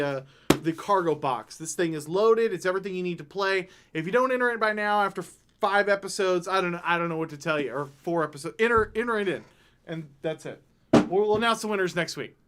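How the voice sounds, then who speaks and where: Brief: male host of a game stream, high bright tone, cheerful casual wrap-up. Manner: laughing, upbeat sign-off.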